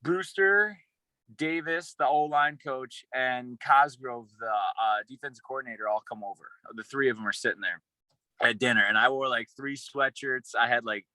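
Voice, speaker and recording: A young man, a former college football player, telling a rambling, excited story in a casual interview, with many restarts. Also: medium pitch, moderate pace, dry recording, low-quality recording.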